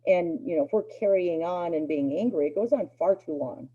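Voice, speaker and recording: A middle-aged woman with a low, husky voice lectures a dog obedience class. She talks casually and circles back with fillers and restarts. The recording sounds dull and lo-fi. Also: a little fast, mellow. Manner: conversational, many fillers and restarts.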